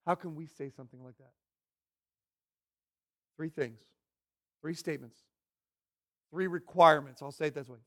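A man's voice: on the high side, a bit bright. A pastor preaching a sermon in an earnest, questioning way, often stumbling and repeating his words.

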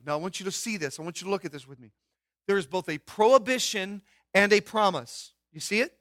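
A man's voice: high voice, fairly quick, fairly bright tone, no room sound, studio quality. A man preaching a sermon in an emphatic way, asking rhetorical questions and dropping his voice to stress points. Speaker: pastor.

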